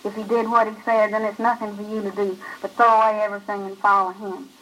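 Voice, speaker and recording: A woman reading the lines of a cold, brooding male outlaw, in a flat, grim rural drawl. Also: medium pitch, moderate pace, a little hiss or hum, close to an everyday voice, poor audio.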